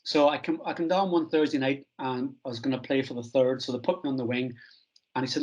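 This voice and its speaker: A middle-aged man from Northern Ireland, a strength coach telling stories from his career in a relaxed, self-deprecating interview. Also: medium pitch, fast, poor audio. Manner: anecdotal, self-deprecating, acts out quoted dialogue.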